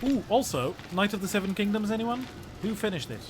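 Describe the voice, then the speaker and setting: A man's voice: high voice, animated, brisk, very noisy. A man streaming a strategy game, joking and chatting with his viewers in casual commentary.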